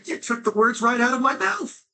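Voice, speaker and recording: An actor voicing a humble, devoted young male knight in a video game, earnest and quick to get choked up. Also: very high voice, sharp tone, exaggerated voice.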